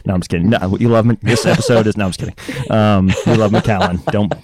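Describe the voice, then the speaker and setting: A man with a very low voice co-hosts a casual podcast chat. He rambles and jokes with easy excitement. The sound is close and dry. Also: quick pace, dry recording. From Texas. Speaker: podcast co-host.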